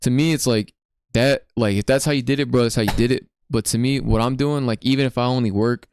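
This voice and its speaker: Fast-talking slangy young man. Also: mid-range voice, smooth, no room sound. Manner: slangy, animated storytelling with lots of "bro". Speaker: podcast host. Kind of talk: casual chat.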